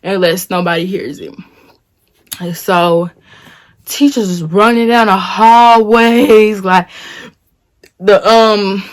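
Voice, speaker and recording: A woman in her twenties telling a dramatic story in a casual vlog, animated and full of slang. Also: medium pitch, slow, pauses often. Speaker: vlogger.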